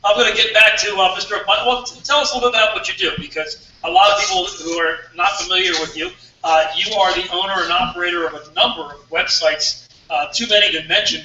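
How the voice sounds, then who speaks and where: A man hosting a talk radio show, bantering fast and joking with his guests. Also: high-pitched, sharp tone, a little hiss or hum. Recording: roomy, distant, dull mic sound.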